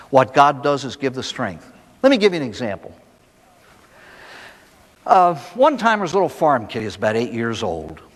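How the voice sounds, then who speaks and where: A man, a priest, giving a recovery talk in a folksy storytelling way, firing off rhetorical questions and dropping from loud emphasis to hushed asides. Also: a little high, in a large hall.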